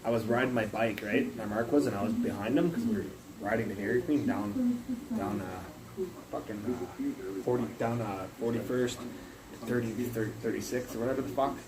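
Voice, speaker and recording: A man's voice: medium pitch, normal speed, a crowd in the background, rough recording. A man livestreaming from his phone, ranting in a rambling, profane, casual way. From Canada.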